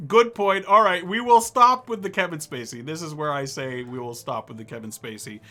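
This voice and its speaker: High, bright-voiced rambling stream host. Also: male voice, fairly quick. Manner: rambling, excitable, jokey. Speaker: live stream talk show host. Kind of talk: casual live-stream chat.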